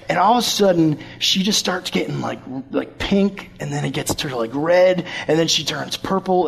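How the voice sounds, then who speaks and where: Young male youth pastor, lively storytelling sermon voice, a touch higher-pitched. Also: moderate pace, creaky, hardly any pauses, slightly rough. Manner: animated, acts out voices from his story.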